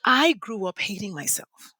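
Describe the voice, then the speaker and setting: A passionate woman from Nigeria tells her story in an interview, her voice bright and leaping widely up and down in pitch. She leans on dramatic pauses. The sound is close and dry. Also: big pitch swings, no echo. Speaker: podcast guest.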